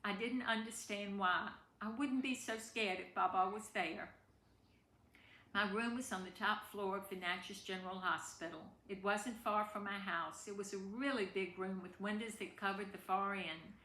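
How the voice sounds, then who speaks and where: A woman's voice: medium pitch, fairly even intonation, moderate pace, sharp tone. A woman reading a family memoir aloud in a tender, emotional way. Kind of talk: reading a personal story aloud. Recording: echoey room with faint background noise.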